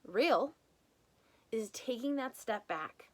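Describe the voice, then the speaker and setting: A woman's voice: on the high side, animated, slow pace, darkish tone. A woman in her thirties hosting a podcast, giving an emphatic motivational talk on leadership and often acting out people's inner voices. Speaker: podcast host and business coach.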